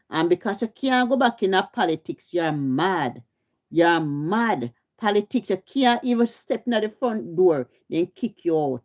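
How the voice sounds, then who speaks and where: Ranting heatedly on her livestream, a Jamaican-accented middle-aged woman scolds over and over, confronting her audience head-on. Her voice sits on the low side with a darkish tone.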